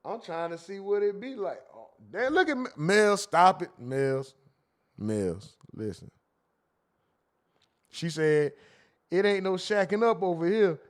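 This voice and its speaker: A man hosts a casual livestream, reading viewers' comments aloud. His voice sits high and he jokes loosely with the chat. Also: normal speed. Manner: animated, laughing, reads chat comments aloud in a joking tone.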